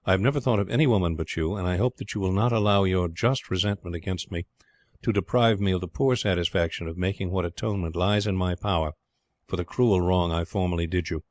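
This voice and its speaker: A man voicing a remorseful, ailing gentleman's letter in a formal, measured, sincere way, with a dry close sound. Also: low-pitched, no echo, lightly acted.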